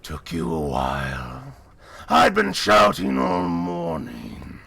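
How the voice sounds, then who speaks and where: Man doing a deep, smug monster voice. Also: wildly swooping pitch, takes it slowly, vocal fry, sharp tone, breathy edge, no room sound, full character voice. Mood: menacing. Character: huge smug hungry monster, menacing.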